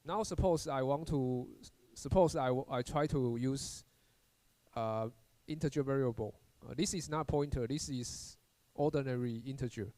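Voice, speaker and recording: A man teaching a recorded university programming lecture, halting as he explains, often repeating words and restarting with "uh" fillers. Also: mid-range voice, dark tone, no echo.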